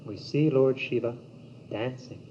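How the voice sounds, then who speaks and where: Man, yoga teacher, slow meditative phrasing, mellow tone; dull old cassette recording. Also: mid-range voice. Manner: slow, measured, meditative delivery with long pauses. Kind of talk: spiritual teaching talk. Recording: dull old cassette tape with faint hiss.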